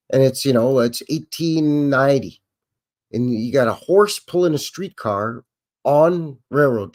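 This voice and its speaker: He's a Canadian livestream host, chatty and rambling, with a lively pitch. While giving casual live commentary over old footage, he greets chat viewers by name.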